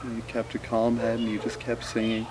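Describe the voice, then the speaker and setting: A man calmly telling his mother a tender memory from early childhood. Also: medium pitch, normal speed, noisy background. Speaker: son sharing a memory. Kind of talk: heartfelt message to camera.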